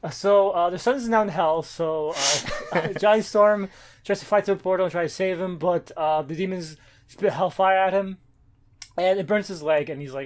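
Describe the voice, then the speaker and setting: A man's voice: high-pitched, normal speed. Man recapping a comic plot casually. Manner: recaps plot with many fillers. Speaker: podcast co-host. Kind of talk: casual comic book discussion.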